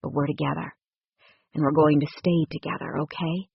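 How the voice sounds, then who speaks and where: A woman voicing a gruff, tender rancher man. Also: deep voice, flat delivery, normal speed, no echo, lo-fi sound, voice pushed down, exaggerated voice. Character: gruff protective male rancher, young adult.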